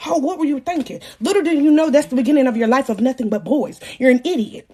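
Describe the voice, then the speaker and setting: A young woman in her twenties casually telling her viewers a story, animated, profane and self-mocking, acting out the voices of the people in it. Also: sits high, fast talker. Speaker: vlogger.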